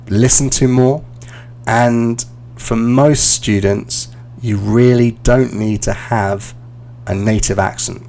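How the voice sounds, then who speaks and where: Relaxed London man teaching online. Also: fairly low pitch, vocal fry, a little hiss or hum. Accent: London English. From London, England. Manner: relaxed, chatty, reads and answers viewer questions with fillers. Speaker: English teacher. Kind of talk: live-stream lesson, casual teaching.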